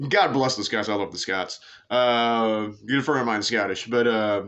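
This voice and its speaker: A man's voice: on the low side, measured pace, a bit bright. A man hosting a sports show, rambling through a casual monologue with lots of fillers, tangents and casual swearing. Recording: dull lo-fi sound.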